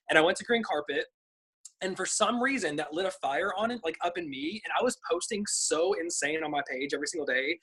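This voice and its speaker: A woman's voice: on the low side, lively intonation, fast, a bit bright, husky, poor audio. A young woman chatting on a group video call, sharing tips in a bubbly, chatty way with plenty of fillers. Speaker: team member sharing tips.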